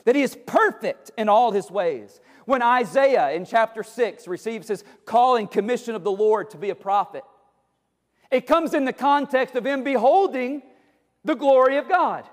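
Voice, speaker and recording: A man's voice: very high-pitched, big-room sound. A man preaching a sermon as pastor, emphatic and repeating words for stress.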